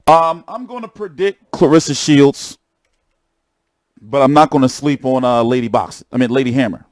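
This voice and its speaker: A young man chatting casually on a stream about boxing, excitable and profane, often repeating himself. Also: medium pitch, normal speed, no echo. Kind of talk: casual live-stream chat.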